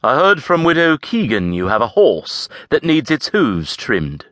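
A male audiobook narrator voicing a calm, commanding man who speaks smoothly and evenly. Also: medium pitch, unhurried, dry recording, studio quality, pitched above the performer's own voice. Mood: smooth, teasing.

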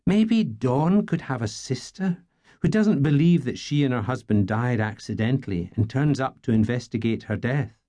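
A man's voice: mid-range voice, animated, normal speed, dark tone, dry recording, close to an everyday voice. A male audiobook narrator voicing a curious, outspoken young woman in a raised, lighter voice.

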